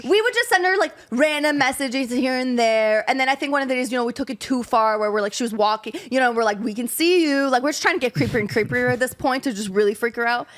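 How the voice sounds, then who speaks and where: Young female co-host, high and bouncy, giggles through casual storytelling. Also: expressive, quick pace, hardly any pauses, a bit bright. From abroad, moved to the US at ten. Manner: laughs while talking, fillers like "like".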